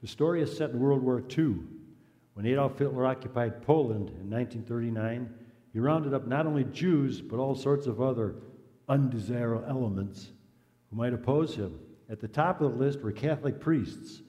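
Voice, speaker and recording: A male preacher speaks in a mellow, relaxed voice at a middle pitch. His storytelling is earnest and measured, and it sinks to a hush at solemn moments. A long reverb from the church hall trails each phrase. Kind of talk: sermon storytelling.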